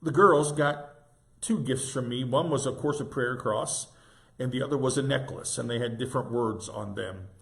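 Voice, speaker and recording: A man in his sixties, a pastor, giving an informal devotional reflection in a tender, halting way with gentle restarts. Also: mid-range voice, creaky.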